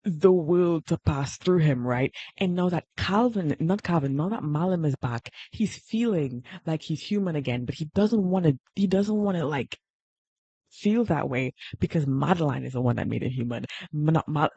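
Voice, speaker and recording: A young woman streaming while she draws, chatting casually and rambling excitedly and emotionally. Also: low voice, normal speed, husky, no echo, highs cut off. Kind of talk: casual livestream chat while drawing.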